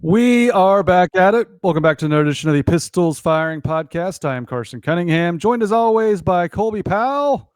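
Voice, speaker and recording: A man's voice: high voice, brisk, hardly any pauses, clean tone, no room sound. Male sports podcast host. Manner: conversational, relaxed with occasional fillers. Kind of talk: casual sports podcast chat. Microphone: remote call.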